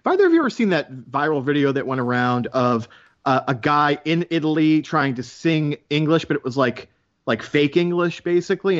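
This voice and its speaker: A man with a slightly higher voice co-hosts a podcast, telling stories in an animated, playful way. The sound is dry and close. The audio is dull and lo-fi. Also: no echo. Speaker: podcast co-host. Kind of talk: casual chat.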